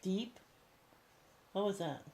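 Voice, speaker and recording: A woman hosting a paranormal investigation, earnestly and warmly addressing spirits during a ghost box session. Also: medium pitch, animated, slow pace, noisy background.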